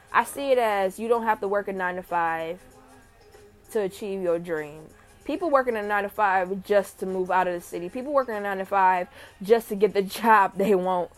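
A young woman in a casual, animated rant to camera, often rising to near shouting when heated. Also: medium pitch. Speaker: vlogger.

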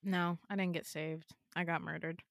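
A woman's voice: on the low side, normal speed, creaky, no room sound, studio quality. Giggly young woman telling a dream story. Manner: animated, laughs often, acts out quotes. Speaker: podcast co-host. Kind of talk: casual storytelling chat.

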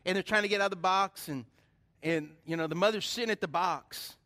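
Middle-aged male pastor, high, bright voice, animated storyteller from the pulpit. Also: a little fast. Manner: animated storytelling, questions to the congregation. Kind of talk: sermon.

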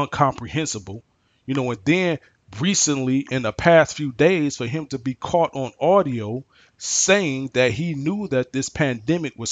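A man speaks at a middle pitch in an unscripted opinion monologue, pressing his points with strings of rhetorical questions. He often stumbles and repeats words before pushing on emphatically. The recording is dry and a little dull. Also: no echo. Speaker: commentator giving his opinion. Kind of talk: unscripted monologue on current affairs.

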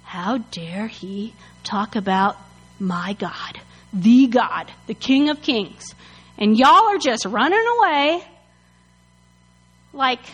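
A woman's voice: on the high side, lively intonation, a little slow, hardly any pauses, pushed and bright, slightly rough, full character voice, low-quality recording. A woman voicing an indignant, cocky young male shepherd who talks back in slangy outrage. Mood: outraged.

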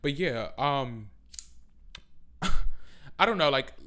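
20s Bronx man, profane and animated, casual rant to camera. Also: mid-range voice, very slow. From the Bronx, New York. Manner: animated, profane, loud outbursts and laughter. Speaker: vlogger.

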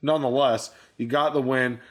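A man's voice: mid-range voice, steady tone, moderate pace. A man co-hosting a casual football recap show, bluntly opinionated and rattling off game stats. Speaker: sports show co-host.

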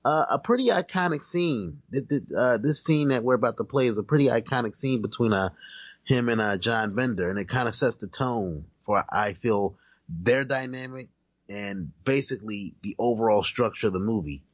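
Talking movies in a loose, casual way, this man co-hosts a podcast and swears a lot, dropping frequent fillers. He speaks at a moderate pace with a medium-pitched voice, and the sound is lo-fi.

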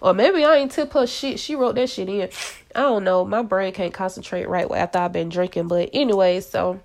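A woman's voice: mid-range voice, normal speed, creaky, darkish tone. A middle-aged woman hosting her own podcast from home, telling stories in a blunt, profane, slang-heavy casual rant. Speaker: podcast host. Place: at home, kids in hallway.

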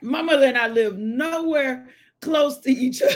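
A woman's voice: high-pitched, normal speed. A woman hosting a morning devotional show, chatting casually and laughing with her live viewers. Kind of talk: casual chat.

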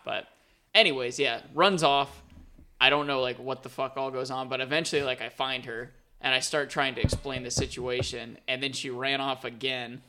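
A young man with a bright, forceful voice chats casually on a podcast. He tells his story in a laid-back way and swears freely. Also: medium pitch, fairly even intonation, moderate pace, slight background noise. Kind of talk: casual chat.

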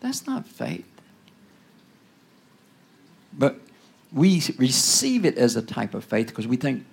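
Gravelly, husky preacher man. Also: high voice, sing-song, unhurried, pauses often. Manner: call-and-response asides, rising to loud bursts then dropping to whispers. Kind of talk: sermon.

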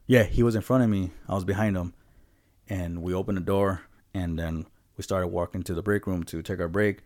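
A man's voice: low-pitched, steady tone, brisk, darkish tone, dry recording, studio quality. A man co-hosting a podcast, telling stories in a loose, profane, laid-back way. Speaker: podcast co-host. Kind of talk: casual storytelling.

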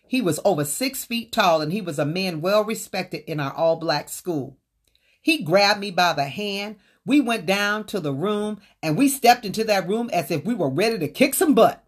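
A woman's voice: deep voice, moderate pace. A woman earnestly telling a personal story from her own book, speaking straight to her listeners. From Southern United States.

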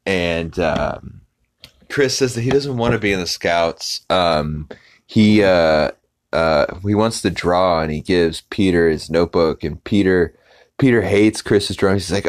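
A man with a very low voice casually recaps a cartoon episode for his podcast. He rambles and stops and starts, slipping into quick impressions of the characters as he goes. He is recorded close up in a dead, dry space. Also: dry recording. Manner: rambling, halting retelling that loosely acts out characters' lines. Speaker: podcast host.

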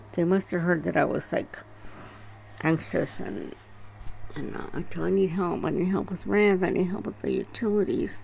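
A gravelly-voiced woman rambles through a story, agitated and swearing freely. Her pitch swings widely as she talks, over faint background noise. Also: a little mellow, poor audio. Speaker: vlogger telling a personal story. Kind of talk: casual storytelling.

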